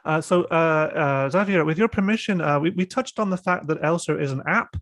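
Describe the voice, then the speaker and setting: A British man with a fairly high-pitched voice hosts a webinar over a video call, hesitating often and restarting his sentences. The sound is dry and close, with no room echo. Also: a little fast, fairly bright tone. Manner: hesitant, many fillers and restarts. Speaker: host. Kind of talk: webinar discussion and demo.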